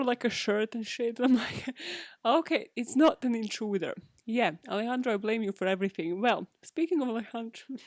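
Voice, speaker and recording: A woman's voice: on the high side, no room sound, clean studio sound. A young British woman hosting a solo podcast in a chatty, giggly way, swearing freely. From Britain. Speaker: podcast host. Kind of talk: casual solo podcast chat.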